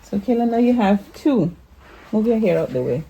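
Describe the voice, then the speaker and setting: A woman's voice: mid-range voice, big pitch swings, moderate pace, warm tone, slight background noise. A Caribbean woman in her thirties, born in Jamaica and raised in Anguilla, vlogging at home on a handheld phone, teasing her family and laughing often. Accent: Caribbean English. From Caribbean, born in Jamaica, grew up in Anguilla. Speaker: vlogger and mother. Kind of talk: casual family vlog. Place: at home indoors.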